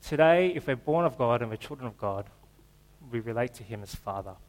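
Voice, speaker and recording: A man's voice: mid-range voice, expressive, a little fast, low-quality recording. Conversational male preacher. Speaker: pastor. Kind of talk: sermon. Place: church.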